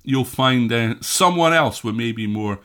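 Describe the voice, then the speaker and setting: A Scottish man preaching, reading a psalm slowly and praying, then chatting warmly with his congregation. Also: medium pitch, expressive. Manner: slow measured scripture reading, then chatty asides. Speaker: pastor. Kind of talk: sermon with prayer.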